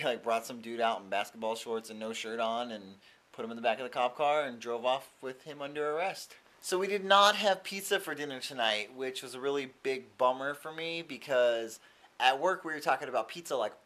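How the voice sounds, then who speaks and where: A man's voice: mid-range voice, normal speed. Young guy vlogging, chatty, does little voices for people in his stories. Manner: chatty, animated quoting of others. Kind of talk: casual storytelling vlog.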